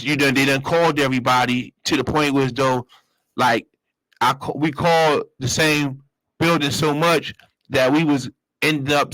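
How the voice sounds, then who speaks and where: A man's voice: mid-range voice, bright, forceful tone, dry recording, low-quality recording. A man casually telling a personal story in slang, acting out other people's voices as he goes. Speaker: storyteller host.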